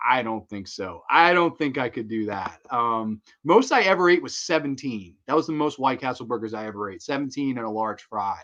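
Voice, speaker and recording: A man hosting a casual livestream, excitable and profane, laughing often as he talks. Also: medium pitch, normal speed, highs cut off. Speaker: livestream host.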